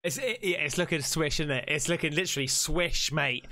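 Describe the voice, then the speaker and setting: A man hosting a reaction video, chatting in an excitable, slangy way into a close mic. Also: a little high, a little fast, no echo. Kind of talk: casual chat.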